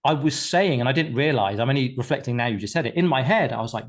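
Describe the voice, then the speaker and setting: A man's voice: medium pitch, expressive, fast, hardly any pauses. Emphatic, swearing male coach on a call. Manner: emphatic, repetitive, swears casually. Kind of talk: live group coaching call.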